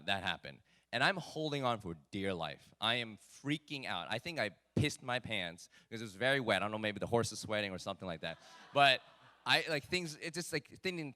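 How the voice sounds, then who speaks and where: A man telling a personal story at a live talk event, animated and self-mocking with lots of fillers. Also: mid-range voice.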